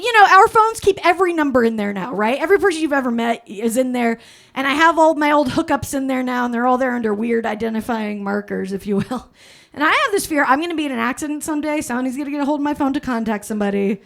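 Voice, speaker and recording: Female stand-up comic, high voice, chatty delivery with laughs on a stage mic. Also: vocal fry. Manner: chatty, laughs through her jokes. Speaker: stand-up comedian. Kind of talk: stand-up comedy set. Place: comedy stage before a live audience.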